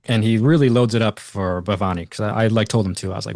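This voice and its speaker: A man's voice: on the low side, quick pace, vocal fry, no room sound. Guy on a podcast spinning a long story, lots of "like", does the voices, pretty dry mic. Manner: animated retelling with quoted voices and many fillers. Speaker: guest. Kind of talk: casual storytelling in conversation.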